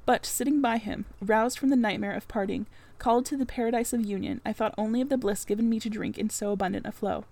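A woman reading a classic novel aloud in the first person, measured and storytelling. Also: a little high, creaky, darkish tone. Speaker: audiobook narrator.

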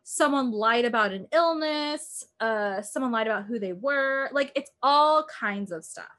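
A woman's voice: fairly high pitch, animated, measured pace, fairly bright tone. A woman chatting casually as a podcast co-host, retelling a true-crime episode in a rambling way, full of "like" and acted-out quotes. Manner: rambling, heavy use of "like", acts out quotes.

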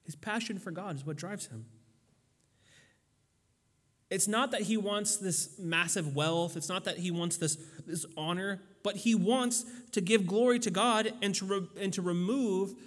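A man with a high voice preaches a sermon in a relaxed, chatty way, restarting phrases and tossing in fillers. His voice rings out with a long hall reverb. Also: measured pace. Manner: conversational, loose with fillers and restarts. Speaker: pastor.

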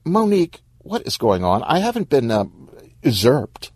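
A man's voice: medium pitch, huge pitch swings, normal speed, darkish tone, dry recording, studio quality, pitched above the performer's own voice. A man voicing a meek male CEO who is flustered and hesitant, stammering as he talks.

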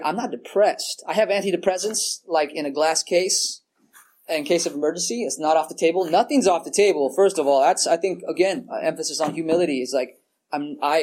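A man's voice: high-pitched, darkish tone. A man sharing his story at a recovery meeting in a rambling, casual way, full of fillers and swearing, often laughing at himself. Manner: rambling and casual, heavy on "like" and "you know", swears freely; self-mocking, laughs at himself. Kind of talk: personal share at a recovery meeting. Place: meeting room in front of a group.

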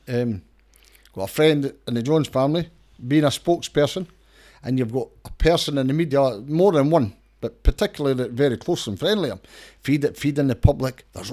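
This is a middle-aged man with a broad Scottish accent, speaking at an ordinary mid pitch. He talks in a casual, emphatic way, pressing each point hard. He often restarts his sentences and repeats words as he goes. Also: darkish tone. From Scotland. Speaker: campaigner and lawyer, interview guest. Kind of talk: casual interview talk.

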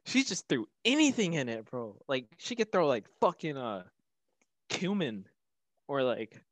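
A young man with a slightly high voice rambles through a story, leaning heavily on filler words. The sound is dry and close, with nothing heard around him. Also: very animated, a little slow, no room sound. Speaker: podcast co-host. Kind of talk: casual chat.

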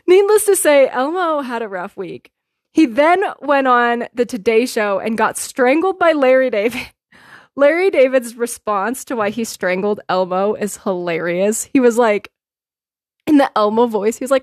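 A woman's voice: a little high, expressive, measured pace, no echo, clean studio sound. A woman hosting her own podcast in casual solo chat, blunt and opinionated, laughing often and swearing freely. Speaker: podcast host.

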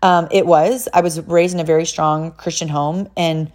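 A woman's voice: low voice, moderate pace. A woman from California, a mother, telling personal stories in a casual monologue, chatty and full of "like" fillers. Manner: chatty, frequent "like" fillers, animated retelling with quoted voices.

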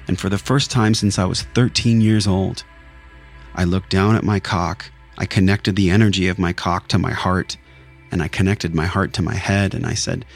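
Man, very low voice, earnest and emotional, personal monologue, soft music behind. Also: vocal fry. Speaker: podcast host.

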